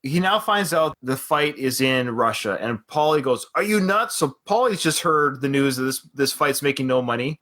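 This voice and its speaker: Animated Canadian podcast host. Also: male voice, medium pitch. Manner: animated, quick to laugh and quote. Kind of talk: casual chat.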